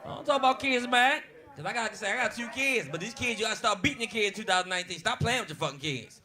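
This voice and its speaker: A man's voice: high voice, animated, fast. A man in his forties doing a stand-up comedy routine, brash and profane, telling stories with laughs. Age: 40s. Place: comedy club stage. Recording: live club set with loud audience. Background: crowd laughing and club noise.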